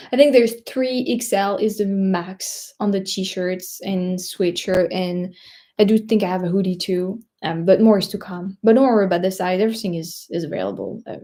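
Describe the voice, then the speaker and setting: Her voice sits in the mid range with a dark tone as she hosts a relaxed livestream. A vlogger from France with a French accent, she tends to ramble, grope for words, and break into laughter frequently.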